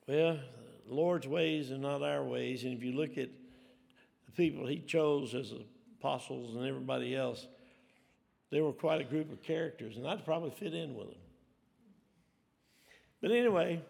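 Folksy man, gravelly, in a hall. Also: on the high side, a little mellow. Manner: folksy, rambling, self-deprecating. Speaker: preacher. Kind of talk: storytelling sermon. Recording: long hall reverb.

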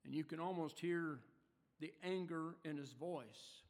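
A man preaching a sermon, retelling a story dramatically with rhetorical questions and shifts from loud to hushed. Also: on the high side, unhurried, in a large hall.

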